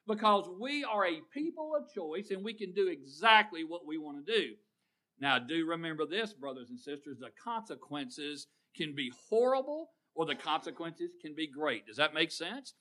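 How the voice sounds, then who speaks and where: A man's voice: on the high side, big pitch swings, moderate pace, bright, forceful tone. A middle-aged man preaching a sermon, telling folksy stories and asking the congregation questions.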